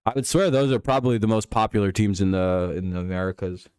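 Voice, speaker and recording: A man's voice: lowish voice, steady tone, fast talker, darkish tone, clear, resonant tone, no echo, studio quality. A man hosting a casual live stream, riffing sarcastically and swearing freely. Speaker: podcast host.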